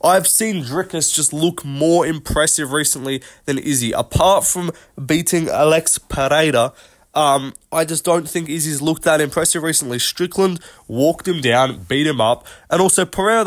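A young man hosts an unscripted vlog predicting fights, rambling through his MMA picks with plenty of fillers and casual swearing. His voice sits fairly high and moves at a moderate pace.

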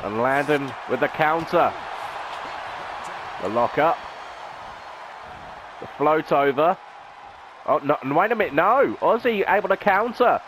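A man's voice: a little high, expressive, a little slow, long pauses, noisy background. A man, a gaming channel host, calling a video game wrestling match play-by-play in a dramatic announcer style with rhetorical questions.

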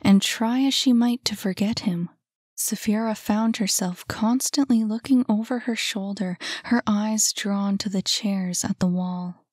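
A woman narrating a novel aloud in a soft, calm voice. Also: medium pitch, no echo, studio quality. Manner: soft, calm, unhurried reading. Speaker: audiobook narrator. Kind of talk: scripted narration.

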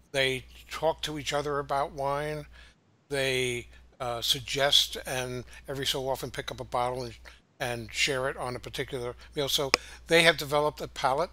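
Older man, bright halting talk. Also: mid-range voice, no room sound. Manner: halting, many uh fillers. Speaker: co-host. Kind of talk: casual chat.

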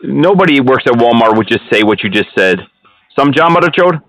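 A man's voice: mid-range voice, lively intonation, brisk, a bit bright. A man making a casual prank phone call, teasing the person on the line and mixing in broken Hindi phrases. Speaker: scam-baiting prank caller.

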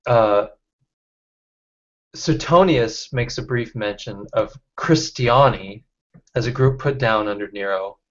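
A man leading a casual online study group, reading out chat comments and talking with halting restarts over a video call. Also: medium pitch, a bit bright. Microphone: computer mic on video call. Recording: dull lo-fi call audio.

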